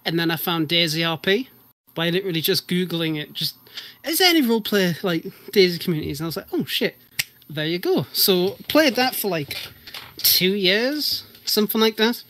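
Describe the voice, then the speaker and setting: A man's voice: high-pitched, animated, normal speed, bright, forceful tone, a little hiss or hum. A man telling a long story in casual chat, rambling with many restarts and casual swearing.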